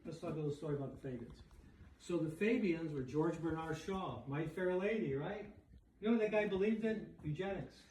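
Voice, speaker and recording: Speaking fairly quickly in a slightly high, somewhat mellow voice, a man presents books to a group at dinner, keeping it chatty with frequent "okay?" and "right?". He sounds far away in an echoey room, and there's a little hiss or hum.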